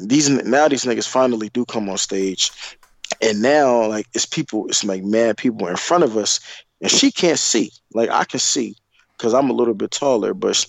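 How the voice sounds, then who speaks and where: A man's voice: vocal fry, dry recording, low-quality recording. A young man telling a dating story in a casual, profane, rambling podcast chat, full of fillers and restarts. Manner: acts out his own heated replies in a higher voice.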